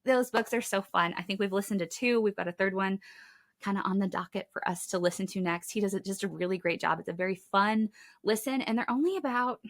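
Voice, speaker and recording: A woman's voice: mid-range voice, fairly bright tone. A middle-aged woman hosting a children's ministry podcast, chatting casually and with enthusiasm as she recommends favorite products, full of asides and fillers. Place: home, in Kentucky.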